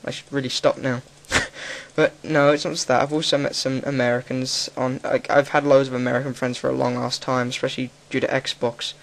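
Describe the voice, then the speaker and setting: A man's voice: medium pitch, level tone, fairly quick, creaky. A young man with an English accent, talking frankly and rambling as a gaming commentator. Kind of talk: casual gaming commentary monologue.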